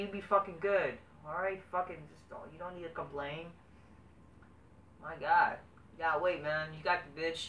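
A young man rambles through a casual, profanity-laced show recap in a bright, forceful voice. He sits well back from the mic in an echoey room with a faint hiss behind him. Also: high-pitched, moderate pace, recorded from a distance. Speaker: wrestling show reviewer. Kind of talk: casual vlog review.

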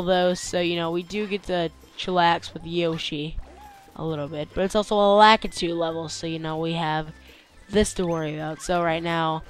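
A man's voice: fairly high pitch, clear, resonant tone. Tired young guy doing a let's play, grumbly then suddenly yelpy, game music faint behind. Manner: excitable, complaining, with sudden yelps. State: tired, yawning. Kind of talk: gameplay commentary.

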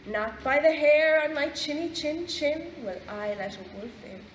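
A woman with an Irish accent voicing a rude little male pig who shouts and drags out his threats, in a storybook reading. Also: medium pitch, slow, far from the mic, slight background noise, natural voice. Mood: rude shouting. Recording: echoey library room.

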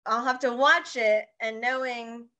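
Giggly woman with a bright, higher voice. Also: steady tone, unhurried. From United States. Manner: laughs often, loose with fillers. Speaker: podcast co-host. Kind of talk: casual chat.

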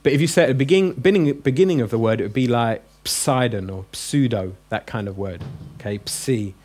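A man teaches a room full of adult learners. He keeps a chatty, joking tone and slows down to drill each sound. His pitch sits in the middle range. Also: darkish tone, soft background music. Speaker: Greek teacher. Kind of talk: classroom lesson. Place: classroom with a group.

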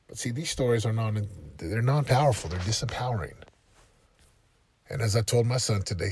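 A man's voice: on the low side, normal speed, darkish tone, slightly rough, no room sound. A man hosting a motivational talk, speaking in an emphatic, repetitive, exhorting way to his listeners. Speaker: motivational podcast host. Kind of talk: motivational monologue.

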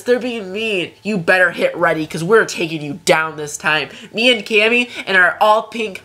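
Excitable young woman trash-talking a fighting game. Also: medium pitch. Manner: playful trash talk, frantic repeated cries. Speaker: let's play gamer. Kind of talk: excited gameplay commentary.

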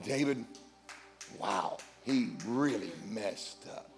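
A man's voice: slow pace, faint music behind. A middle-aged man preaching a storytelling sermon, joking and acting out dialogue. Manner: animated, jokey, acts out dialogue with big pitch swings. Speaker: guest preacher.

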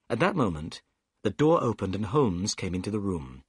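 A man narrating a story in a clear, measured way for English learners. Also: lowish voice, big pitch swings, no echo, clean studio sound.

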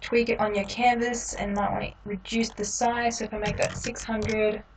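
A woman hosting a step-by-step software tutorial, explaining each click in a relaxed way with frequent ums. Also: on the high side, normal speed, distant mic, noisy background. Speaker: tutorial host.

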